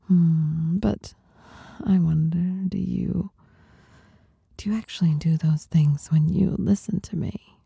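A woman in a whispered role-play, speaking in a teasing, dominant, coaxing way close to the mic, with soft laughs between her lines. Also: lowish voice, fairly even intonation, takes it slowly, creaky, pauses often, slightly rough, no room sound. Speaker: audio performer.

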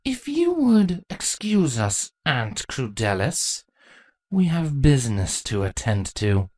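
Woman doing a deadpan, low-voiced changeling queen. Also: slow pace, dry recording, heavily acted. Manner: deadpan, matter-of-fact. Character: proud, sardonic female changeling queen. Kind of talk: fan fiction reading.

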